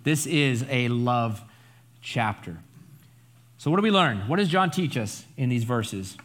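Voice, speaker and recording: A man's voice: mid-range voice, lively intonation, unhurried, fairly bright tone. A man preaching a Bible study sermon in a conversational, emphatic way, often adding asides and tag questions. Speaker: pastor.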